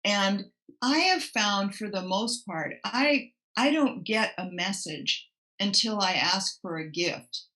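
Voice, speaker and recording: A woman's voice: medium pitch, expressive, takes it slowly, pushed and bright, rough recording. A woman student in a mediumship class, asking a question thoughtfully and restarting as she works it out. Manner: thoughtful, restarts while working out her question.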